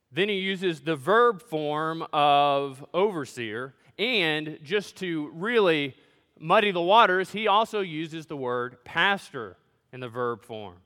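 A man's voice: fairly high pitch, fairly bright tone, smooth, big-room sound. A man as pastor, preaching a sermon in a conversational, joking way, in a church sanctuary.

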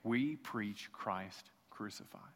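A man's voice: on the low side, takes it slowly. A man preaching an impassioned sermon as pastor, building through rhetorical repetition. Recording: long hall reverb.

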